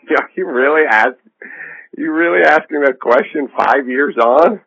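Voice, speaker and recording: A comedian and podcast host talking in a phone interview, rambling and sardonic with a self-assured edge. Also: male voice, on the high side, a little slow, a bit bright. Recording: dull lo-fi line.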